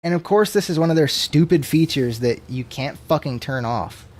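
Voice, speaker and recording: A man in his twenties chatting casually to his stream, tipsy, swearing a lot and swinging between loud rants and low mumbles. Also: moderate pace. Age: 20s. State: tipsy from drinking.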